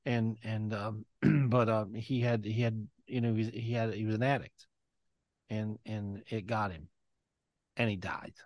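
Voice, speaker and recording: A man's voice: fairly low pitch, fairly even intonation, measured pace, darkish tone, no echo, studio quality. A man hosting a live video call, talking emotionally with repeated words and casual swearing. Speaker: host.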